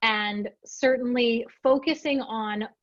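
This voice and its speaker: Lively woman trainer on dull webinar audio. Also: a little high, takes it slowly, no room sound. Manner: lively, expressive, acts out her own lines. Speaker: storytelling trainer presenting a webinar. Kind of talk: animated storytelling presentation.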